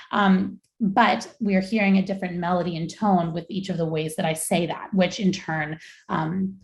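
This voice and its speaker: Low gravelly woman lecturing academically. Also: darkish tone. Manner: measured, explanatory. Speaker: researcher giving a talk. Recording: echoey room.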